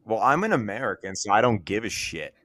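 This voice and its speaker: Goofy man with a bright, dry voice. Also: on the low side, big pitch swings, a little fast, no echo. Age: early 20s. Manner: absurd, goofy non-sequiturs. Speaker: podcast co-host. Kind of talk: casual podcast chat.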